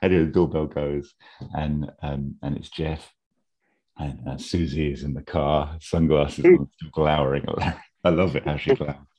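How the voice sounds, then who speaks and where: A man with a very deep, husky voice, rambling through a story in casual chat, full of fillers. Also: little pitch movement, normal speed, mellow. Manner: rambling, many fillers, acts out characters' lines in a high voice. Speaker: podcast guest pitching a fan episode.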